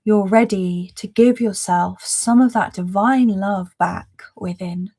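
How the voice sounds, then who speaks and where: A woman hosting a live spiritual reading, talking in a gentle, effusive, affirming way with soft laughs between phrases. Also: medium pitch, slow pace, husky. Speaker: spiritual reader and host.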